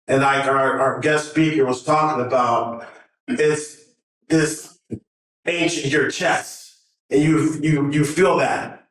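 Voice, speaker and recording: A middle-aged man giving an emotional, earnest talk to a conference audience, nervous and often restarting his sentences. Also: on the high side. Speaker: conference speaker. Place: large conference hall. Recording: echoey hall from far off.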